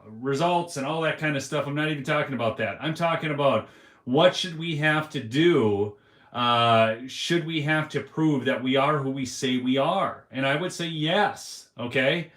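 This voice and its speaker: A man's voice: on the high side, measured pace, a bit bright. Rambling folksy man in a roomy space. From United States. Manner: rambling and folksy, with many fillers and restarts. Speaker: host of a political commentary show. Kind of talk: casual spoken commentary. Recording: roomy echo.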